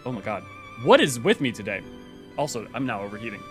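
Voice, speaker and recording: A man's voice: fairly low pitch, animated, fairly quick, music in the background. A man hosting a game lore stream, chatting casually and rambling in a self-deprecating way while reading a story. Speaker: lore channel host.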